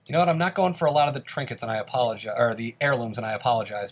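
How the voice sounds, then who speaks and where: A man's voice: mid-range voice, very fast, few pauses. A man hosting a let's play, giving casual commentary on his gameplay in an upbeat, chatty way and explaining each choice he makes.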